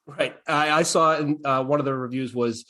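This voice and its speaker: A man hosting a podcast in casual chat, animated as he retells scenes and reads quotes aloud. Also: medium pitch, normal speed. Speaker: podcast host.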